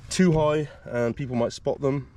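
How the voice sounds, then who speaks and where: A man's voice: medium pitch, steady tone, moderate pace, slight background noise. A man from the UK, chatting casually to camera as a solo wild camping vlogger and explaining his gear step by step, recorded outdoors in a woodland. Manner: hushed, half-whispering. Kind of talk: casual vlog talk to camera.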